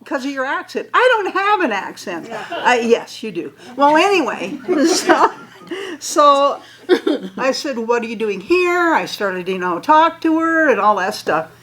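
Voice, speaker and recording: An older woman telling a story to an audience in a casual, animated way, laughing and acting out both sides of old conversations. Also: high-pitched, unhurried, low-quality recording. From Utah.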